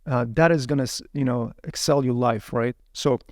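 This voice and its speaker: A man telling his life story as an interview guest, animated, often repeating words while he searches for the next one. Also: medium pitch, moderate pace, dry recording, studio quality. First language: Uyghur.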